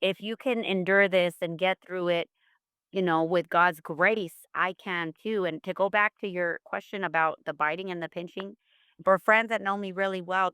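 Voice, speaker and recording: A woman's voice: fairly low pitch, fairly bright tone, clear, resonant tone, no echo, studio quality. A middle-aged woman, a mother, telling her family's story in a podcast interview, earnest and full of faith. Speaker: guest, mother of an autistic son.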